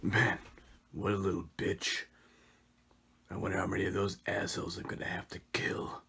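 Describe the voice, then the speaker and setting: A man's voice: fairly even intonation, unhurried, creaky, bright, forceful tone, husky, full character voice. A man voicing a foul-mouthed, boozy abandoned house cat with a crude, grumbling manner. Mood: tough. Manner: crude, grumbling, swinging from pitch to pitch.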